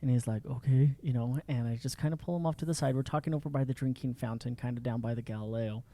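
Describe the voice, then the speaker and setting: A man telling lively stories in a casual podcast chat, laughing often. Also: mid-range voice, fast talker. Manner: animated, laughing storyteller.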